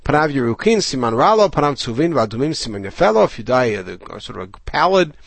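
A man's voice: medium pitch, very animated, quick pace, vocal fry, dry recording. A man teaching a Talmud class, reading Aramaic passages aloud and then explaining them in English with frequent restarts.

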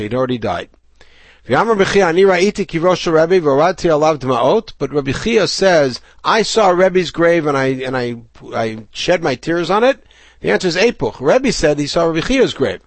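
A man with a gravelly, mid-range voice, captured in a dry recording, teaches a Talmud class. He reads Aramaic passages aloud, then explains them in English, frequently restarting.

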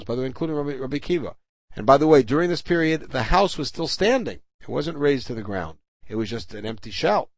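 A man's voice: fairly high pitch, gravelly, no echo. An older man teaching a Talmud class. He reads the Hebrew and Aramaic text aloud and explains each line in English. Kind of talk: Talmud class, reading and translating.

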